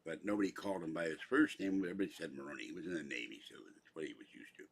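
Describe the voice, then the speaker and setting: A man's voice: very deep voice, racing, creaky, slightly rough. Rambling older man from Pittsburgh. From Pittsburgh, Pennsylvania. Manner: meandering, chatty, theatrical asides. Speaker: vlogger. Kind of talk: rambling casual monologue.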